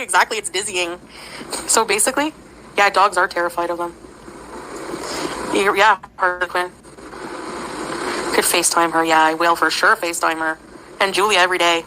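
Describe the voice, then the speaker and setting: A woman's voice: on the low side, fairly even intonation, normal speed, pauses often, noisy background. A woman livestreaming, telling a meandering story in a casual way, with lots of fillers and giggles.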